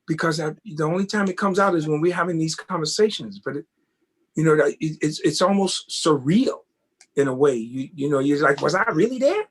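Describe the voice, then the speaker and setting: A man, a tap dancer and guest, telling casual stories in an animated way and often asking "you know what I mean?". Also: fairly high pitch, moderate pace, breathy edge. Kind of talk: casual interview storytelling.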